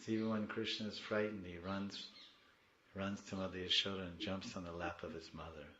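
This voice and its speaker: A man giving a devotional class, moving between soft storytelling and loud, pleading prayers. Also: sits low, level tone, brisk, roomy sound, lo-fi sound, slight background noise.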